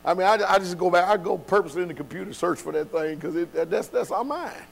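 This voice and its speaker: A man's voice: sits high, fast talker, gravelly, hardly any pauses, slight background noise. A man preaching at a Bible study, with an emphatic, informal style full of rhetorical questions. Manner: informal speech with dropped verbs.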